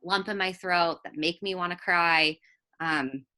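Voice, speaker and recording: Bright-voiced earnest woman. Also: lowish voice, steady tone, measured pace, clean tone. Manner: earnest, reflective. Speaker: podcast guest. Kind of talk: casual recovery podcast chat.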